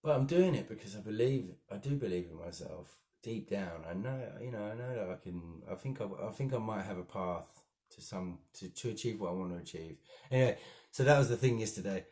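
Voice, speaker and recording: Male vlogger, low voice, halting and musing, casual monologue. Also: animated, mellow. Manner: rambling and halting, with frequent restarts. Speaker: daily vlogger. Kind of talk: casual self-reflective monologue.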